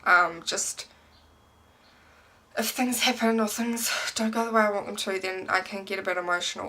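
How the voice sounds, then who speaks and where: A young woman with a bright voice chats casually to camera in a personal vlog. She rambles, fills her sentences with "um" and "like", and keeps the talk loose and chatty. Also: medium pitch, slight background noise. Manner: rambling, many ums and likes. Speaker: pregnancy vlogger. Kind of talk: casual pregnancy update vlog.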